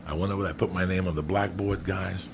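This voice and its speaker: A man's voice: deep voice, fairly even intonation, fast talker, gravelly, background noise. A man telling a crude, comic story on a podcast, swearing often and calling his listener by name. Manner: profane, emphatic, keeps addressing the listener by name.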